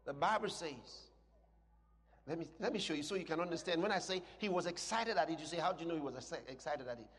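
A man preaching a sermon with passion, swinging between loud shouts and quieter asides. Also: fairly high pitch, lively intonation, quick pace. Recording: long hall reverb.

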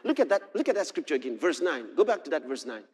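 A man preaching a sermon. He moves from quiet storytelling to shouted exhortation and quotes scripture in old-fashioned wording. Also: fairly high pitch, big pitch swings, fast talker, husky.

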